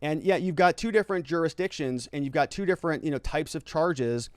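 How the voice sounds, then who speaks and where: A man's voice: fairly high pitch, brisk, smooth, dry recording. Man, legal commentary host, casual livestream chat, conversational, repeats "right?", dry close recording. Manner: conversational, frequent "right?" tags and restarts.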